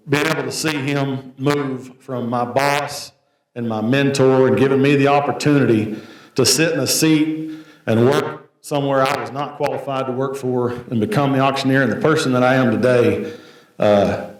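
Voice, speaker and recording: A man, an auctioneer, giving a plain-spoken, story-filled tribute speech at an award event. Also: mid-range voice. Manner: folksy, anecdotal, plain-spoken. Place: banquet hall. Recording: echoey hall, voice from a distance.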